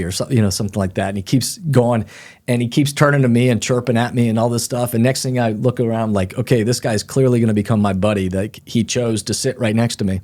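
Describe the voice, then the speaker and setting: A man's voice: mid-range voice, fast. A middle-aged man, a guest author, telling stories in a casual interview and acting out the people in them. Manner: animated storyteller, acts out quoted people.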